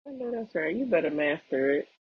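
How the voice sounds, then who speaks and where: A podcast co-host with a husky, gravelly voice, chiming in with short reactions. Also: mid-range voice, expressive, a little fast, dry recording, phone-quality sound. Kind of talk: casual chat.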